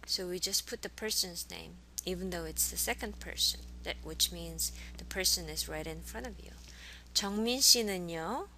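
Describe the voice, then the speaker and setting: A woman teaching a language lesson, saying model phrases slowly and over-enunciating them, then repeating them for her students. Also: lowish voice, creaky, pushed and bright, slight background noise.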